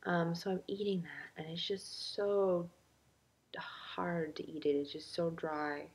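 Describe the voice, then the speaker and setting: A woman's voice: on the low side, fairly even intonation, slow, husky. A young adult woman talking in a casual video diary, chatty and self-mocking, with lots of fillers. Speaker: vlogger.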